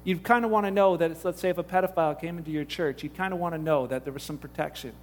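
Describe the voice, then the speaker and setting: Male pastor, middle-aged, high voice, lively preaching, breaks into acted-out quotes. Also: racing, slight background noise. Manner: animated, conversational, acts out quoted voices. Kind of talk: sermon.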